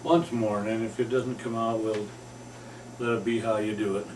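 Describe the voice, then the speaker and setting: A man's voice: lowish voice, level tone, moderate pace. An older man directing a home movie, coaching line readings and recording his own takes. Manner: coaching, repeating takes, gravelly. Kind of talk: directing and rehearsing lines. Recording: echoey room, distant mic, faint noise.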